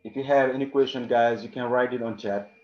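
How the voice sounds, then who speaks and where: A man's voice: medium pitch, steady tone, fairly quick, roomy sound, highs cut off. A man teaching an English lesson live online, answering questions from the chat and often adding "okay" and "of course".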